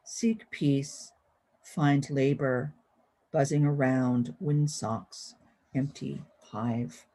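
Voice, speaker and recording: Woman poet reading her poems slow and careful, quiet line endings, over a video call. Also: extremely low pitch, fairly even intonation. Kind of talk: reading own poetry at a live-streamed event.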